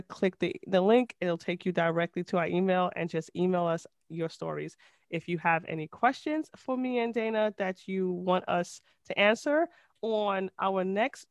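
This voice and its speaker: A woman's voice: medium pitch, clean tone, no room sound. A woman co-hosting a podcast with an accent, chatting casually and rambling with giggles. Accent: non-native English accent. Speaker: podcast co-host. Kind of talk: casual chat.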